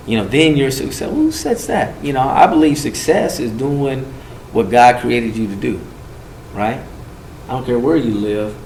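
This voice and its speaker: A man speaking to a group about gang and drug prevention, telling a story and acting out the quotes with big swings in voice. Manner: animated, acts out quotes with swings in pitch and volume. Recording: echoey room with faint noise.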